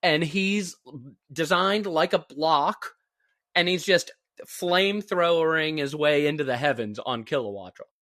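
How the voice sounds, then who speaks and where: A man co-hosting a podcast, chatting casually with thoughtful, lively commentary. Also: a little high, measured pace, no room sound, studio quality. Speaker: podcast co-host. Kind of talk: casual chat.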